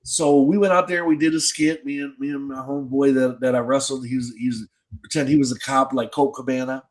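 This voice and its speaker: A man's voice: medium pitch, steady tone, fairly quick, rough recording. A man hosting a podcast and telling a long, casual story in slangy, profane speech, with many restarts. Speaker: podcast host.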